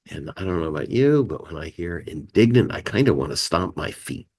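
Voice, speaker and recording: A man with a low, slightly rough voice speaks at a moderate pace with hardly any pauses. Hosting a community meeting as a life skills teacher, he teaches about feelings conversationally, animatedly acting out emotion words with gasps and sighs and saying "you know" and "right" a lot.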